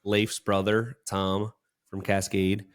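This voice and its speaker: A man's voice: on the low side, level tone, slow pace. A young man co-hosting a podcast, telling a story in casual chat, rambling with lots of fillers. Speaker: podcast co-host.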